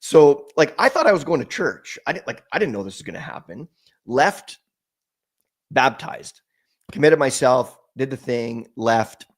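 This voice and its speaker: A podcast guest tells an emotional story from his life in an animated, medium-pitched voice with a breathy edge. He speaks haltingly, with frequent restarts and repeated words.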